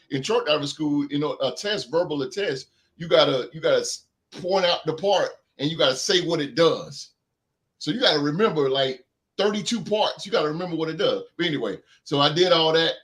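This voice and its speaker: Earnest, emphatic man, higher voice. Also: fairly bright tone. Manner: emphatic, repeats himself, earnest and motivational. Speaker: podcast guest. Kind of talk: heartfelt casual chat.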